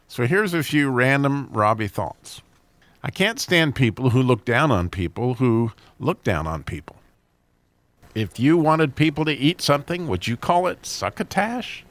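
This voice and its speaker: Low-voiced man reading jokes, chuckling. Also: no room sound. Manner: chuckles at his own jokes; lifts his pitch for quoted characters. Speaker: host. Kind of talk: reading jokes and funny stories.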